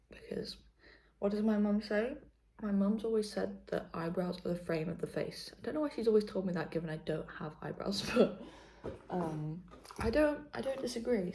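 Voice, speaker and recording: A young British woman vlogs casually to camera in a fairly low, gravelly, dark voice. She rambles and corrects herself, sometimes dropping to a whisper.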